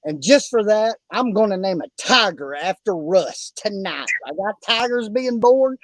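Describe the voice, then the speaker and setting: Effusive high-voiced Oklahoma country man. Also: expressive, unhurried, hardly any pauses, dry recording, low-quality recording. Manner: folksy, effusive, keeps calling the listener buddy and brother. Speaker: podcast host. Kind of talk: casual fantasy football chat.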